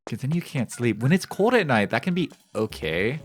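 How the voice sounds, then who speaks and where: A man's voice: medium pitch, sing-song, moderate pace. A male streamer giving casual, joking commentary while playing a game, rambling and reading game text aloud. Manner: repeats phrases in shifting voices.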